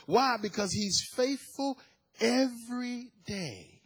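A middle-aged man preaches with a high, husky voice. He talks animatedly and slips into other people's voices when quoting them. His energy climbs into loud shouts of praise. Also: lively intonation, moderate pace. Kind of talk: sermon.

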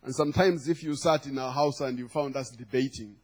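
A man's voice: medium pitch, a little fast, slightly rough. A man preaching a sermon, telling a humorous story and acting out the quoted lines. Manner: storytelling with acted quotes and laughter.

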